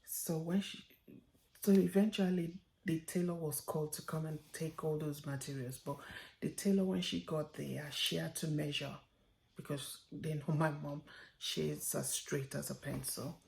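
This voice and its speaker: A woman with a notably low voice delivers an earnest memorial tribute. Her speech is heartfelt and at times sinks to a near whisper. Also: fairly even intonation, measured pace, gravelly, a little mellow. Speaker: daughter giving a tribute.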